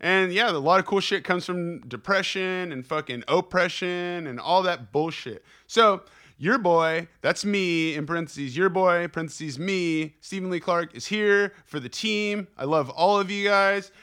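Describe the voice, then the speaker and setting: A young man delivers a casual podcast monologue, cursing freely and rambling like a pep talk. His voice sits high for a man, with a bright, forceful edge. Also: unhurried, smooth. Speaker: podcast host.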